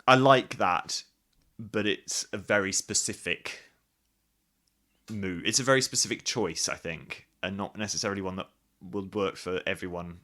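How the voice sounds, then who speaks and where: Bright-voiced man chatting as a guest. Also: low voice, normal speed. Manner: chatty, thinks aloud with many restarts. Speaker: guest, pantomime actor. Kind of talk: casual interview chat.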